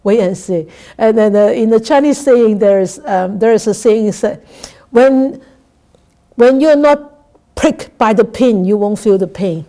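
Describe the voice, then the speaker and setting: Slow, mellow nun. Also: female voice, fairly high pitch. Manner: halting, repeats words, keeps asking "right?". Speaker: Buddhist nun teaching scripture. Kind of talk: dharma talk lesson.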